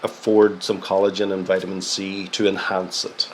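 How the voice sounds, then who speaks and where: Irish male guest, deeper voice, easygoing talker who leans on fillers. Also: level tone, normal speed. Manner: chatty, many fillers. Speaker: guest from a supplement company. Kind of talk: casual podcast conversation.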